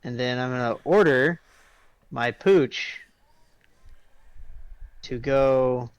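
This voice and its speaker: A man's voice: mid-range voice, extremely slow, clear, resonant tone, no room sound. A man playing a tabletop game who jokes, swears and talks through his moves as he goes. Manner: playful, swearing, thinking aloud. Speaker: player. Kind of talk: casual tabletop game chat.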